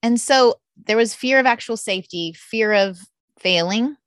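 A woman's voice: on the high side, moderate pace, a bit bright, no echo, studio quality. A middle-aged woman speaking as a guest in a candid interview, telling stories and acting out her own past thoughts. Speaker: podcast host appearing as guest.

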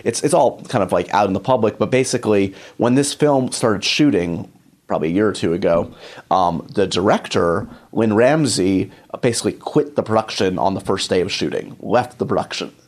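A man with a fairly low voice hosts a podcast, talking in a loose, chatty, upbeat way. He introduces his guest and asks questions, dotting his sentences with ums and restarts. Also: moderate pace. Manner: chatty, upbeat, lots of fillers. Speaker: podcast host. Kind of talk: casual podcast intro and interview.

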